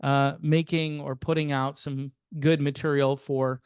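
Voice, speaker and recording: A man's voice: mid-range voice, flat delivery, measured pace, clear, resonant tone, dry recording, clean studio sound. An older man hosting a music channel, giving casual, rambling commentary in a sardonic, chatty way with plenty of fillers.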